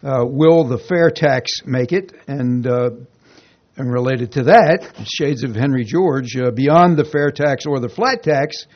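A man in the audience asking a long question with many pauses and fillers. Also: medium pitch, dull audio.

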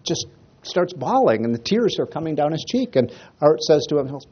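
A man's voice: a little high, big pitch swings, normal speed, slightly rough, highs cut off. A man giving a speech to an audience, telling a funny story with many fillers and restarts. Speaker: speaker. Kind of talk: after-dinner speech.

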